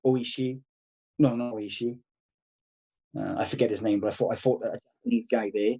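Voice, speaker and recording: A man in his thirties, a karate instructor guest, telling animated stories and swearing freely. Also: medium pitch, moderate pace, husky, dull audio. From Wales. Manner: animated, swears freely, acts out past exchanges. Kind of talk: casual podcast storytelling.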